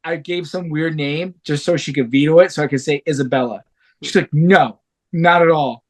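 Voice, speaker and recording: Speaking briskly in a slightly high voice, this man in his thirties, a fighter appearing as a podcast guest, spins stories during casual conversation. He's lively in the telling and curses without holding back.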